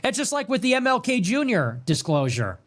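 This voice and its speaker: Young male commentary host, highish voice, sarcastic and emphatic monologue. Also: huge pitch swings, brisk. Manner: sarcastic, emphatic, swings from loud jabs to low mutters. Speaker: political commentary show host. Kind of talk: ranting political commentary monologue.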